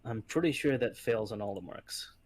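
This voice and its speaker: A man running a tabletop game as game master, easygoing and often pausing with fillers. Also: lowish voice, lively intonation.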